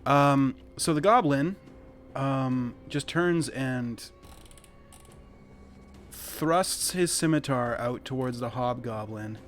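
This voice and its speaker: A man with a medium-pitched voice narrates a tabletop game as game master, speaking slowly. He chuckles, rambles and often corrects himself mid-sentence.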